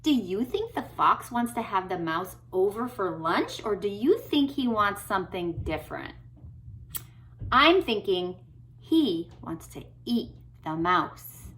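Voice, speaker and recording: A woman speech therapist reading a picture book aloud to children, gentle and encouraging, stopping to ask questions. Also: mid-range voice, very animated, slow, a little hiss or hum. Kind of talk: read-aloud lesson for kids.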